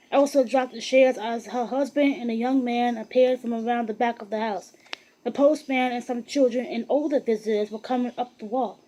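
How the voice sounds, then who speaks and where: A woman narrates a biography in a steady, even storytelling voice. Her pitch sits somewhat high, and she occasionally restarts a phrase. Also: rough recording. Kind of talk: audiobook reading of a biography.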